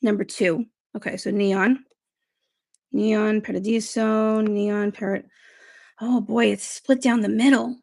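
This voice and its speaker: Chatty woman with a gravelly voice. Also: medium pitch, fairly even intonation, slow pace, darkish tone, no room sound, studio quality. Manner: chatty and rambling. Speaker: beauty livestream host. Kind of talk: casual live-stream chat, reading viewer comments.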